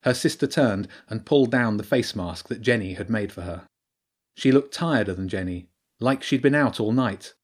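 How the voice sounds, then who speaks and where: A man narrating an audiobook in a calm, even storytelling manner. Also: fairly low pitch, normal speed.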